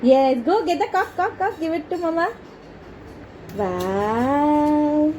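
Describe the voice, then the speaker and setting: A young mother with an Indian English accent, talking to her toddler in a high, drawn-out, sing-song voice. She coaxes slowly and mimics animal calls. A faint hum of room noise sits behind her. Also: expressive, darkish tone, poor audio. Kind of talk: slow, coaxing baby talk with animal sounds.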